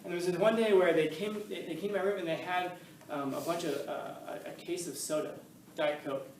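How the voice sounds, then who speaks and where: A man with a high voice teaches a philosophy class, speaking a little fast and telling animated stories in which he acts out the voices. There's slight background noise, and the distant mic is in an echoey room.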